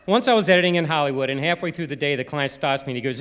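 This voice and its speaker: A man's voice: a little high, expressive, very fast, hardly any pauses, fairly bright tone. A middle-aged man from Maryland with a Baltimore accent, giving a humorous timed stage talk and imitating other people's voices. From Maryland, USA. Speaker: presentation speaker. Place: arts center stage before a live audience.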